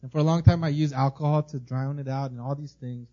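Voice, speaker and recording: A man's voice: mid-range voice, steady tone, fast, mellow, lo-fi sound. A middle-aged man born in Korea and raised in America, preaching an earnest, emotional sermon with frequent restarts and repeated words. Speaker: pastor.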